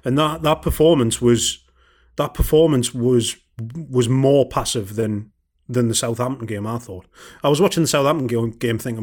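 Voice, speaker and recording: A man's voice: mid-range voice, moderate pace, darkish tone. A man with an ordinary mid-range voice co-hosts a casual football podcast. He speaks bluntly and sounds exasperated. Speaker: podcast co-host.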